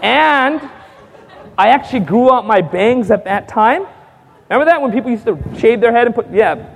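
A man preaches his testimony in a church hall, his fairly high voice trailing off into a long reverb. He tells the story with lively energy, acts out each exchange with a chuckle, and keeps asking the crowd for an "amen.". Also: normal speed, creaky, a little hiss or hum. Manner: lively storytelling, acting out dialogue with frequent chuckles; calls out to the audience for responses. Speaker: evangelist.

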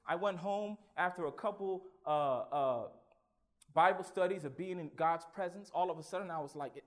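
High-voiced male preacher sharing his testimony, drops to a hush, then rises to loud exclamations, halting and repetitive. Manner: swings from hushed, halting recollection to loud exclamations; stammers and repeats words. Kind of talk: sermon with personal testimony.

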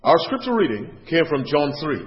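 A man preaching a sermon, dropping to quiet asides and then rising to loud, pleading questions. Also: on the high side, big pitch swings, moderate pace. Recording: dull audio with long hall reverb.

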